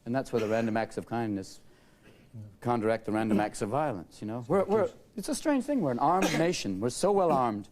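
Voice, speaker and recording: A man's voice: medium pitch, expressive, brisk. A man in his forties riffing comically as a talk show guest, breaking into silly voices. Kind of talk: comedic talk show chat. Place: TV studio with live audience. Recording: loud audience laughter and studio noise.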